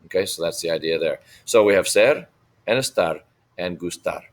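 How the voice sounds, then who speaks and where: Male teacher, low voice, patient, drills vocabulary for an online class. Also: animated. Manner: patient, repeats Spanish forms slowly for students. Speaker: Spanish teacher. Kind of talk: recorded online lesson.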